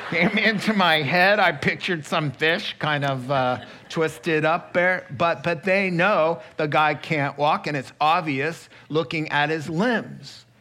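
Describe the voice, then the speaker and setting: A man preaching a sermon, telling a Bible story with lively acted-out quotes and asides. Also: high voice. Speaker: pastor.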